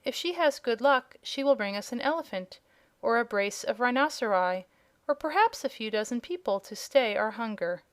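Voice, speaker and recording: A woman voicing a proud, hungry young dragonette who speaks politely and regretfully, in a clear, smooth voice. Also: a little high, expressive, normal speed, natural voice. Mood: haughty polite. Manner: polite, regretful, slightly haughty. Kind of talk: audiobook character voice.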